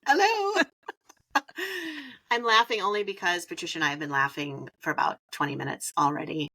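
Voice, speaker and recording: A woman hosting a podcast, upbeat and quick to laugh as she introduces the show and her guest. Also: sits low, expressive, sharp tone. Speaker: podcast host. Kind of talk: casual podcast intro and chat.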